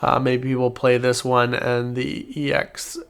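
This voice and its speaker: A man's voice: medium pitch, monotone, unhurried, a bit bright, smooth. Man casually reviewing trading cards. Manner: reads card text aloud with filler and self-corrections. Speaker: card game channel host. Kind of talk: casual card review commentary.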